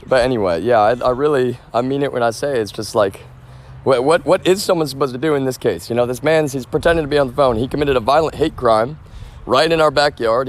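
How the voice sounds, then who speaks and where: A man live streaming outdoors from a front yard, talking to his viewers in an agitated, rambling way full of swearing. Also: medium pitch. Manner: agitated, rambling, profane, addresses viewers as y'all.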